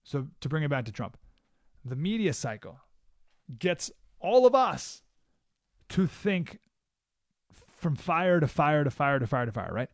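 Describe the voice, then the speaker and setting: A talk radio host delivers an emphatic monologue in a studio, his medium-pitched voice expressive and his pace normal on a dry recording. He fires off rhetorical questions and keeps tacking on "right?"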